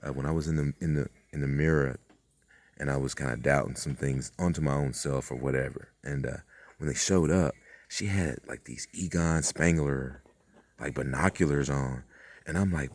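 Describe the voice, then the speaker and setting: A man's voice: very deep voice, normal speed, a little mellow, no echo. A man hosting his own channel, talking in a meandering, profane monologue full of fillers and acted-out quotes. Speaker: channel host. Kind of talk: rambling spiritual monologue.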